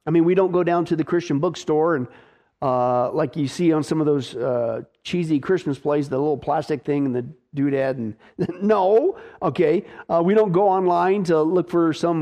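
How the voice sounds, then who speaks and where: High-voiced, emphatic male preacher. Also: normal speed, warm tone, muffled recording. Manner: emphatic, folksy, with filler restarts and playful asides. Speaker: pastor. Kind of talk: sermon.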